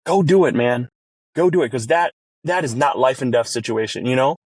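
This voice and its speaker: A chef talking as a podcast guest, telling an emotional family story earnestly, with many restarts. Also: male voice, lively intonation, brisk, darkish tone, dry recording. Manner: earnest, many restarts, rises in pitch when moved.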